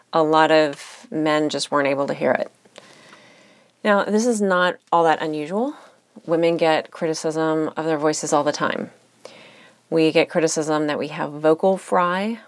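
A woman with a low voice hosts her own podcast, explaining her topic earnestly. The sound is close and dry, with no room around it. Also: no echo. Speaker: podcast host. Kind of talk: solo podcast commentary.

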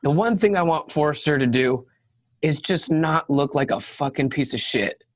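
A man's voice: on the high side, moderate pace, no echo. A man speaking as a guest on a casual car podcast, blunt and opinionated.

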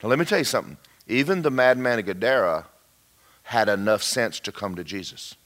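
A man preaching a storytelling sermon, folksy and animated, with joking asides and sudden shouts. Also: lowish voice, brisk.

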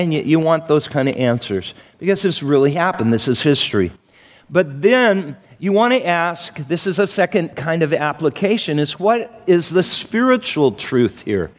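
Man preaching in a reverberant hall. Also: a little high. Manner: conversational, acts out Bible scenes in quoted voices. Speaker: pastor. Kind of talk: sermon.

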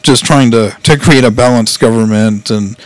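A man's voice: medium pitch, moderate pace, dry recording. A man chatting casually, retelling a story in a rambling way and laughing as he goes. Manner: rambling, laughs often, quotes characters in voices. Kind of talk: casual chat retelling an anime plot.

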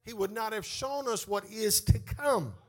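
A male pastor preaching a sermon in church. He tells a funny story, then builds into a sing-song, shouted call to the congregation. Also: high voice, a little slow.

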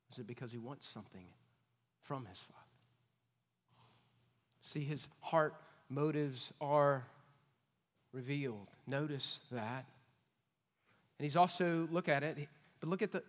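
A man preaching an expository sermon, emphatic and questioning, swinging between loud points and hushed asides. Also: fairly high pitch. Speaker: pastor. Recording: long reverb of a large hall.

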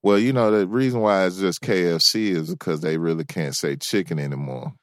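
A man's voice: deep voice, a little fast, no echo, clean studio sound. A man co-hosting a casual radio show, telling stories in a laid-back way with lots of swearing and hesitant fillers. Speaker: radio co-host.

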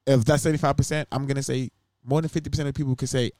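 A man co-hosting a podcast in casual chat, animated and profane, often acting out what other people would say. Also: mid-range voice, rapid-fire, no room sound, clean studio sound. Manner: animated, profane, acts out quotes in other voices. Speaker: podcast co-host.

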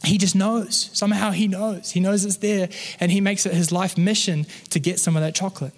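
High-voiced man preaching in a reverberant hall. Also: fairly even intonation, brisk. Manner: earnest, conversational preaching with personal stories. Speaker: pastor. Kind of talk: sermon.

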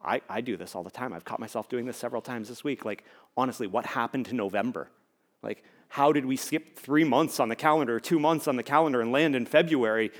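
A man preaching a sermon as a pastor, talking conversationally, building to emphatic repeated lines and dropping to hushed near-whispers. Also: mid-range voice, fairly quick.

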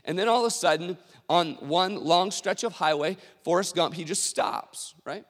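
A man preaching a sermon as a pastor, telling stories in a conversational, animated way with many fillers. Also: sits high, normal speed, long reverb tail.

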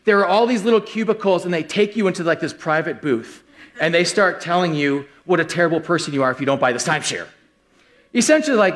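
Pastor guy telling a funny story to his church, kinda high voice, lots of energy. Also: quick pace. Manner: animated, joking, acts out quoted voices. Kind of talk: humorous storytelling sermon. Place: church hall with a live congregation.

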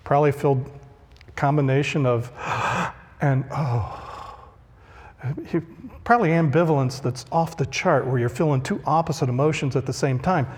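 A pastor preaches a conversational sermon, acting out the voices of those he quotes. His voice is a little high and a little fast with a darkish tone, carrying the long reverb of a large hall.

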